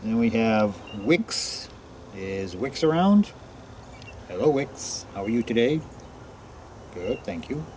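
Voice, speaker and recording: A man vlogging outdoors in a forest, greeting unseen listeners one by one and answering for them in a quieter voice. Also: on the low side, very animated, takes it slowly, long pauses, a little hiss or hum. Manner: greets each name, then answers himself in a quieter voice. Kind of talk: casual talk to unseen listeners.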